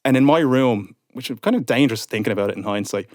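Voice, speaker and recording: A man's voice: medium pitch, fast, no echo, studio quality. A man, a podcast guest in his thirties, telling a story and acting out what people said. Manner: animated storyteller, acts out quotes. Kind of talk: casual podcast chat.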